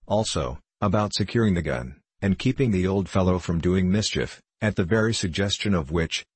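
A man reading a classic tale aloud as an audiobook narrator, in a steady, measured way. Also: deep voice, husky, dry recording.

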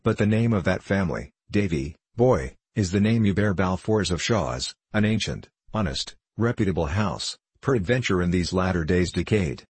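A man voicing an elderly, kindly, preachy country minister in a storybook reading, speaking in a solemn, measured, old-fashioned way. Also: low voice, expressive, slightly rough, no room sound. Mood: earnest counsel.

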